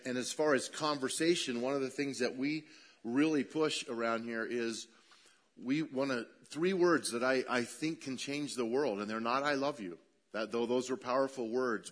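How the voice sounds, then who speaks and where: Middle-aged male pastor, animated sermon delivery, acts out quoted voices with a wide swing in pitch and volume.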